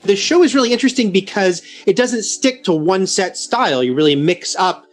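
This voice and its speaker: A man's voice: high-pitched, animated, brisk. A man chatting casually as a panelist on an entertainment show, setting up a segment and interviewing guests with plenty of "uh" fillers. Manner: loose, filler-heavy, chatty. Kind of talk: casual chat.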